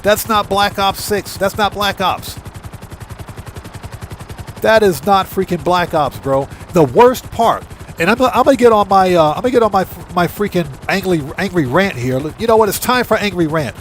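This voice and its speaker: A man's voice: high voice, animated, normal speed, a little hiss or hum. A man hosting a live gaming stream, chatting casually, greeting viewers by name, and breaking into emphatic rants. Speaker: livestream gaming host.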